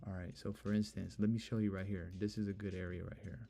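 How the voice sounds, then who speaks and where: Low-pitched, creaky and warm, this young man talks fast in a level tone while hosting a relaxed trading stream. He explains charts to viewers in a chatty, repetitive way, constantly saying "look" and "bro."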